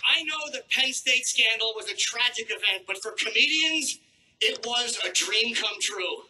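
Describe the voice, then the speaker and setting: A man doing a crude stand-up routine on a theater stage with a handheld mic, brash and mock-outraged, troubled by his throat and clearing it. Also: extremely high pitch, pushed and bright, rough recording. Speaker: stand-up comedian. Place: theater stage before a live audience.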